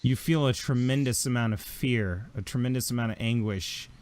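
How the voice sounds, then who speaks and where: A man running a tabletop game as game master, describing scenes slowly and atmospherically. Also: mid-range voice, a little mellow.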